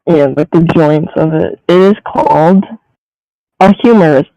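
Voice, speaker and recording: A man's voice: a little high, measured pace, creaky, dark tone, dry recording. A man chatting casually as a co-host, giggly and self-mocking, who laughs often. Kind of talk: casual chat. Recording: slightly muffled mic.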